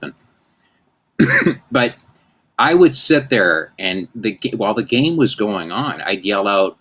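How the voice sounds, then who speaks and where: A man's voice: on the low side, big pitch swings, slow, pauses often, a bit bright. A man in his fifties, hosting a casual chat and telling rambling, self-mocking stories. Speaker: host.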